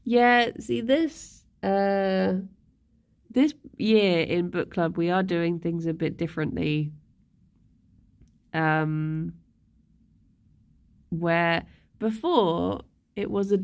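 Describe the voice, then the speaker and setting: A woman chatting casually on a live stream, halting with fillers and breaking off to baby-talk to her pet. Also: on the low side, vocal fry, a little mellow.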